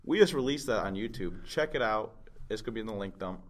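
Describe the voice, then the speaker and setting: A man's voice: fairly low pitch, lively intonation, fast talker. A man co-hosting a podcast, chatting casually and joking with friends. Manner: joking, playful banter. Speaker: podcast co-host. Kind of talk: casual chat.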